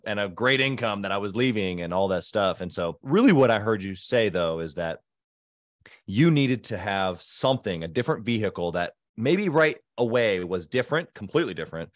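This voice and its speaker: A man's voice: fairly low pitch, dry recording, clean studio sound. A man hosting a podcast interview, enthusiastically summing up and affirming what his guest says. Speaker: podcast host. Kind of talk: casual interview.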